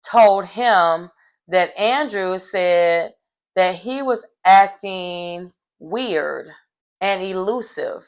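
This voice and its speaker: A woman recapping a reality show episode in casual chat, animated and acting out what people said. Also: lowish voice, low-quality recording. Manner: animated storyteller acting out quotes.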